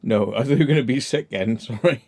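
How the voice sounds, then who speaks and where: A man's voice: mid-range voice, fast, a little mellow. A man hosting a livestream over a video call, giggly and rambling, swearing through casual banter. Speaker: livestream host.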